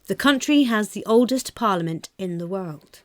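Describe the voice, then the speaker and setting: A woman's voice: mid-range voice, expressive, normal speed. An English woman co-hosting a comic chat show, reading quiz clues aloud and laughing easily. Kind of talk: playful live show banter.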